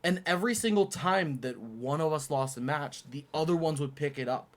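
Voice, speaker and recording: A young man co-hosting a podcast, chatting casually and telling lively stories, acting out shouted quotes. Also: fairly high pitch, moderate pace. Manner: animated storyteller, acts out quotes loudly. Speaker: podcast co-host. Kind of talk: casual chat.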